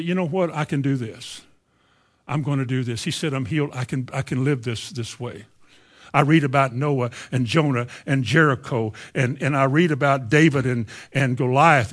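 A preacher tells a story from the pulpit, with a voice a little higher than most men's. He stammers on some words and starts lines over as he goes. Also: a bit bright. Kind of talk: sermon with personal testimony.

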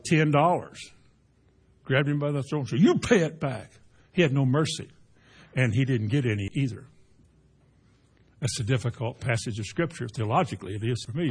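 A man preaching a folksy sermon, rising to loud emphatic peaks. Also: medium pitch, breathy edge. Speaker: pastor.

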